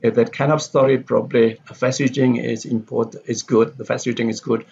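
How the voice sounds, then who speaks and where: Gravelly-voiced man lecturing on pronunciation. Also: mid-range voice, level tone, darkish tone. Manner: methodical, repeats example sentences slowly with exaggerated stress. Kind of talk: recorded lecture. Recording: dull lo-fi recording with faint background hiss.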